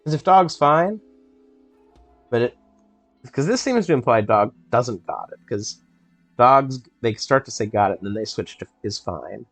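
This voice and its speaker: A man hosting a casual game let's play, reading in-game texts aloud and puzzling over them with a playful, thinking-out-loud manner. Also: mid-range voice, big pitch swings, moderate pace, gravelly, dry recording, soft background music. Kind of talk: casual gameplay commentary.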